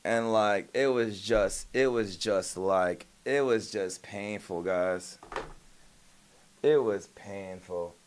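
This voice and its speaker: On a casual livestream, a young male streamer with a lowish voice slowly retells an argument. He rambles and swears, restarts his sentences over and over, and admits he sometimes stutters.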